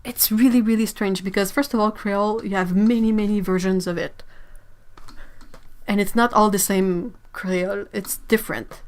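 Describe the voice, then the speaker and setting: A woman's voice: medium pitch, fairly even intonation, normal speed, darkish tone. A young woman, hosting a casual livestream chat, musing aloud and sounding out words with frequent laughs. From Quebec, Canada. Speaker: livestream host, artist.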